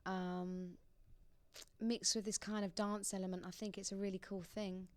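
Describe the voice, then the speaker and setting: A woman's voice: medium pitch, little pitch movement, normal speed, no room sound. A young woman from England, a singer guest in a radio studio, chatting casually and laughing often.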